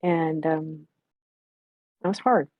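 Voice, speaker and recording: A woman's voice: low voice, steady tone, slow pace, no echo, phone-quality sound. A woman in her sixties reminiscing candidly and reflectively, speaking frankly and swearing bluntly at times. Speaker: memorial stream guest.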